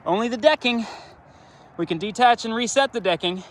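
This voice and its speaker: A winded roofer talks through a damaged roof outdoors, his high voice bright and tense. He sounds fed up, pointing out each problem one by one as he catches his breath. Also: lively intonation, brisk. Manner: exasperated, explaining step by step. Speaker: roofing contractor. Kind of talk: on-site inspection walkthrough.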